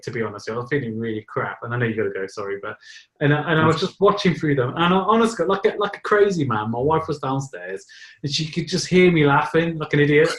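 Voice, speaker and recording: A man hosting a casual interview, talking enthusiastically and rambling with many restarts. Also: mid-range voice. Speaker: host. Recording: roomy echo.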